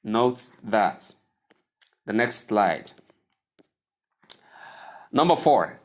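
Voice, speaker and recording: Slow, careful Nigerian English teacher. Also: male voice, fairly low pitch. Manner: formal, repeats words with careful contrasts. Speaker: pronunciation teacher. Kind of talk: slow deliberate pronunciation lesson.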